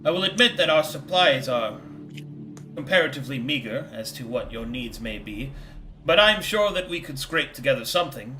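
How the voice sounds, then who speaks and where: A man's voice: mid-range voice, expressive, moderate pace, bright, forceful tone, soft background music, low-quality recording. A man voicing a formal, stiffly polite male gnome guild leader in a tabletop game.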